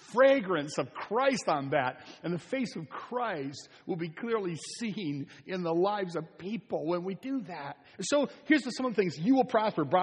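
A man's voice: sits high, husky, in a large hall. Earnest older male pastor preaching. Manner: earnest, repetitive, pleading delivery. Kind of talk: sermon. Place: church sanctuary.

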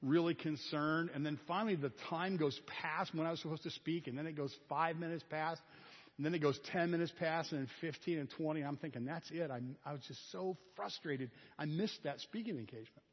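A man's voice: on the high side, a little fast. A middle-aged man preaching a sermon as pastor, telling stories in a folksy, conversational way. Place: church sanctuary. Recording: dull, echoey church hall recording.

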